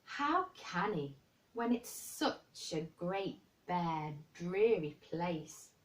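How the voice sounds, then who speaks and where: A woman's voice: on the low side, sing-song, very slow, distant mic, heavily acted. A woman reading aloud, voicing a sickly, bedridden boy who sounds cross and complaining. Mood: fretful. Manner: cross, complaining, dwells on dying.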